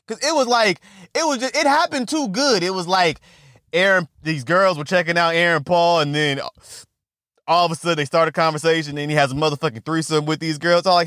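A young man in a loud, animated, profane comedic rant recapping a movie and scolding its characters directly. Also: on the high side, no room sound, clean studio sound.

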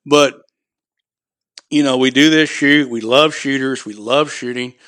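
A man's voice: medium pitch, steady tone, unhurried, fairly bright tone, no echo. A man talking on a podcast as a guest who runs a shooting event, blunt and profane, rambling with lots of "you know" fillers. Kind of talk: casual podcast conversation.

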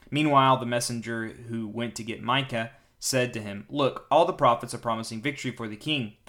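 Young man, podcast host, Bible reading, joking asides, animated voices for quoted speakers. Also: medium pitch.

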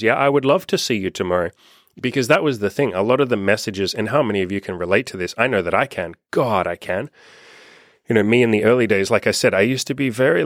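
A man's voice: on the low side, dry recording, studio quality. A young man coaching on dating, talking candidly and casually, acting out quoted texts and swearing freely. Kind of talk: casual monologue to camera.

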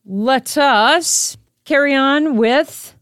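A woman's voice: high-pitched, drawn-out words, background noise. A woman hosting a casual quiz podcast, chatting straight to the listener. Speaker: podcast host.

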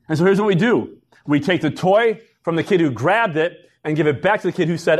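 A man's voice: fairly high pitch, lively intonation, fairly quick, hardly any pauses. A middle-aged man preaching a sermon in an easy, conversational way, acting out what parents and kids say. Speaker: pastor.

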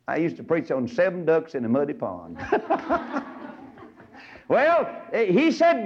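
A man preaches a folksy radio sermon, his voice swinging widely from soft asides up to ringing, shouted peaks. The recording is dull and lo-fi, with a narrow, muffled sound. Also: high-pitched, huge pitch swings, a little slow.

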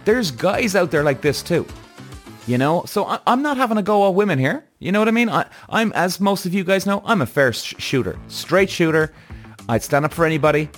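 A man's voice: high voice, lively intonation, brisk, soft background music. A man hosting his own podcast, ranting bluntly and heatedly, swearing often and correcting himself as he goes. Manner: restless, self-correcting. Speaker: podcast host. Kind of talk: solo podcast rant.

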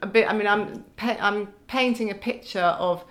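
A woman's voice: mid-range voice, normal speed, a bit bright. A middle-aged woman, a podcast guest telling stories in casual chat with wry humour and frequent laughter.

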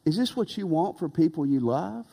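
A man preaching a sermon as pastor, earnest and emphatic, with dramatic pauses. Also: a little high, lively intonation, gravelly, warm tone, husky. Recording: long reverb of a large hall.

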